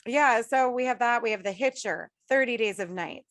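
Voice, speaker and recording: A woman in her thirties, a podcast host chatting casually, a little sick and rough-voiced, restarting and laughing often. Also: a little high, normal speed, a bit bright. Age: 30s. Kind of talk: casual chat.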